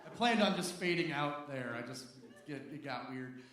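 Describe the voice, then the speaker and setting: A man's voice: a little high, expressive, moderate pace, background noise. A man doing a rambling, self-mocking stand-up set with crude jokes, on stage in a comedy club. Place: comedy club stage before a live audience. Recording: roomy, distant live club recording.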